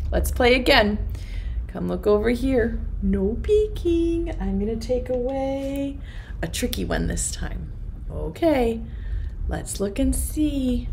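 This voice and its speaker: A woman preschool teacher leading an online circle time lesson, talking in a slow, sing-song and encouraging way with bright gasps and stretched words. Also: high-pitched, a little hiss or hum.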